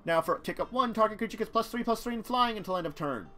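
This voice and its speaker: A man's voice: high-pitched, lively intonation, fast talker, pushed and bright, soft background music. A man casually commenting on a live stream about a card-game deck, rambling and talking to his chat. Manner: rambling, chatty, talks to chat, chuckles.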